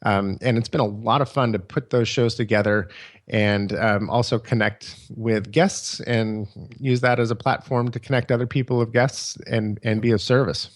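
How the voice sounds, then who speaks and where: A man's voice: fairly low pitch, steady tone, normal speed. Rambling, chuckling man in his forties. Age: 40s. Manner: rambling, chuckling, many fillers. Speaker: podcast guest. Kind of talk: casual storytelling.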